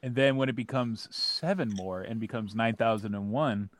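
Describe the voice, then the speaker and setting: A man's voice: lowish voice, moderate pace, slight background noise. A man about forty co-hosting a casual podcast, dry and teasing, swearing often. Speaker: podcast co-host. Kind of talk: casual chat.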